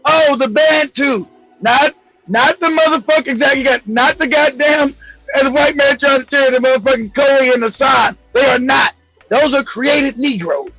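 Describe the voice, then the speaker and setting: Very high bright guy, husky, dull lo-fi dry sound, always joking and teasing. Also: normal speed, no room sound, soft background music. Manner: laughing, teasing, profane. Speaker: show co-host. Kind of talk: casual talk show banter.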